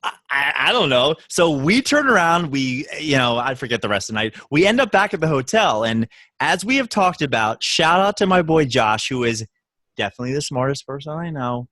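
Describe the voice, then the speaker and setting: A young man co-hosting a casual podcast, telling jokey stories. His delivery is animated and swoops widely in pitch. The recording is dry and close, with no room sound. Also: brisk, no room sound. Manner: animated, jokey storyteller with big pitch swings. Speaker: podcast co-host. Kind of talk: casual storytelling chat.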